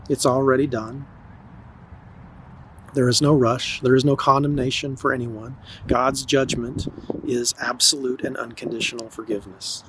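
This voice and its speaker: A man speaks in a calm, gentle, nurturing way, delivering a meditative spiritual talk at a very slow, unhurried pace. He is outdoors, with faint wind and traffic noise behind him. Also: mid-range voice, rough recording. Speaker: spiritual teacher.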